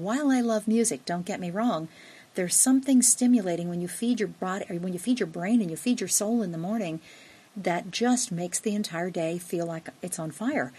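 Upbeat lady host, kinda husky voice, gushing a bit about her guest. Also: mid-range voice, a little fast, dark tone. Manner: upbeat, enthusiastic, self-deprecating. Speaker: interview host. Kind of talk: conversational interview.

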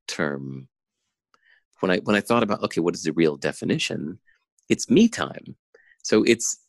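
Gravelly low-voiced man, animated talk. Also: dry recording. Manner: intense, animated, lots of "like" fillers. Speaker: guest. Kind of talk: casual conversation. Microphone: remote call.

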